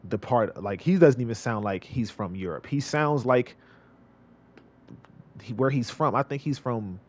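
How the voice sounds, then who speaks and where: A man's voice: mid-range voice, expressive, a little slow. A male streamer giving casual gameplay commentary, rambling and repeating himself with many restarts. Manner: rambling, repetitive, lots of restarts.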